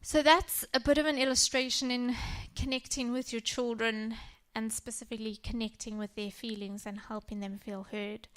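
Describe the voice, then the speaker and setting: A woman in her thirties giving a church talk on parenting, telling personal stories gently. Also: fairly high pitch. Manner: warm personal storytelling, gentle. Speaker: church speaker.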